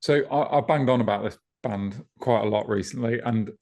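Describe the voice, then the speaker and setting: A man co-hosting a podcast in relaxed casual chat, with lots of ums and casual swearing. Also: mid-range voice, normal speed. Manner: laid-back, swears casually, many ums. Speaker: podcast co-host, festival promoter.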